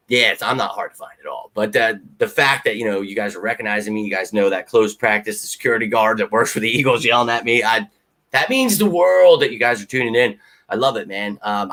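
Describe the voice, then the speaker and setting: Excitable lower-voiced man hosting a live fan Q&A. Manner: excitable, rambling, swears freely. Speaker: fan channel host. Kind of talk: live Q&A chat.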